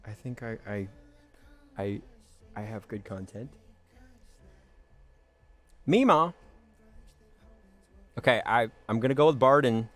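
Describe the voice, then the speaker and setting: Playful, lively-voiced male streamer. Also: medium pitch, slow pace, long pauses, faint music behind. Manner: playful, goofy, riffs and jokes with chat. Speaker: livestream host. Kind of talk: casual live-stream chat with viewers.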